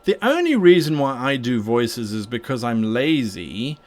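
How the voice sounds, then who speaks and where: With a sing-song, medium-pitched voice that runs a little slow, a live streamer paints miniatures and fields viewers' game-mastering questions. He rambles casually, restarting sentences and repeating words.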